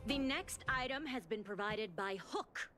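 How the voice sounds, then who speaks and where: An actress playing a polished auctioneer who announces items in a formal way. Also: female voice, on the high side, animated, unhurried. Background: game music.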